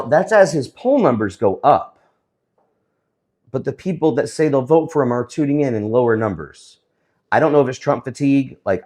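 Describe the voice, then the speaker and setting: A man giving casual, sarcastic commentary on the week's news, often pausing with fillers. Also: medium pitch, a little mellow. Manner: sarcastic, hesitant with many fillers.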